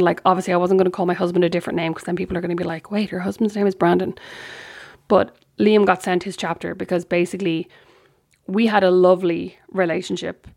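A woman's voice: lowish voice, vocal fry, darkish tone. An Irish woman hosting a podcast, candidly telling a personal story in a chatty way and acting out the dialogue. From Ireland. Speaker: podcast host. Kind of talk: casual storytelling monologue.

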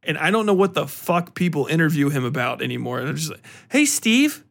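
A man's voice: a little high, fast, gravelly. A man hosting a podcast, casually reviewing a book in a rambling, profane way, laughing often and acting out quotes. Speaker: podcast host.

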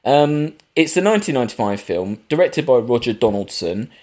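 Animated middle-aged man hosting a chat. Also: mid-range voice, fairly quick. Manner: chatty, animated, jokey. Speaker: podcast host. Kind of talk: casual film podcast chat.

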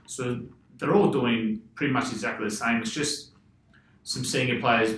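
A man's voice: mid-range voice, moderate pace, a bit bright, echoey room, poor audio. A man with an Australian accent telling loose, rambling stories in casual chat, swearing freely and laughing often. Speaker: podcast guest, former footballer.

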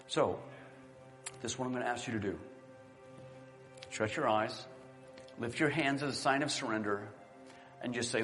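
A middle-aged man preaching a sermon as pastor, animated and exclamatory at times, then dropping to a quiet, prayerful tone. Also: mid-range voice, normal speed, long pauses, in a large hall, faint music behind.

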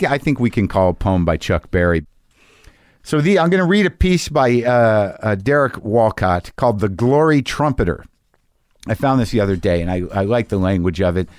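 A man's voice: on the low side, no room sound, clean studio sound. A man hosting a podcast, speaking in a loose, rambling way with lots of fillers and restarts before reading poetry aloud. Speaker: podcast host. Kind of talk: casual monologue and poetry reading. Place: home garage studio.

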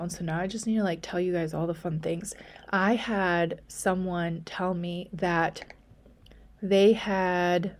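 Chatty woman podcast host, rambling. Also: mid-range voice. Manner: chatty and rambling, with many fillers and asides; drops to a soft near-whisper for asides. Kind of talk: casual solo podcast talk.

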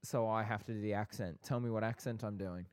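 A man's voice: fairly low pitch, fairly even intonation, brisk, slight background noise. A man co-hosting a casual chat podcast, talking in a playful, bantering way. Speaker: podcast co-host.

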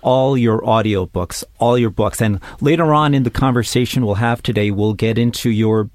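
A man's voice: mid-range voice, moderate pace, no room sound. A man hosting an interview show, delivering an upbeat scripted introduction before interviewing his guest. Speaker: podcast host and interviewer.

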